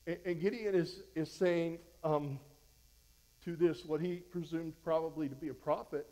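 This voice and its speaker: A man's voice: a little high, steady tone, moderate pace, mellow, highs cut off. A man preaching a verse-by-verse sermon as a pastor, fervent and exhorting, conversational with frequent restarts. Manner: fervent, exhorting, voice rises when fired up.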